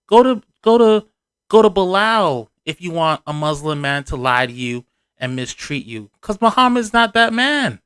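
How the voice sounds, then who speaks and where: A man delivers sarcastic, punchy commentary for his reality-TV vlog, leaning hard on the points he wants to land. His voice sits a little high and sounds smooth and clean. The recording is dry and close, with no room around it. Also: no room sound. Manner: animated, sarcastic, punchy emphasis.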